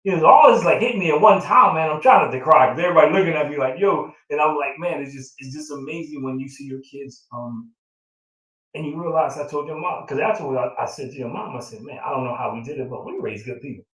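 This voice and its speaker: A man's voice: fairly high pitch, fast, fairly bright tone. A middle-aged man, a proud father, telling a long heartfelt story in casual chat, with many fillers and an emotional tone. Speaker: father of the groom. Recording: roomy sound from a distant mic.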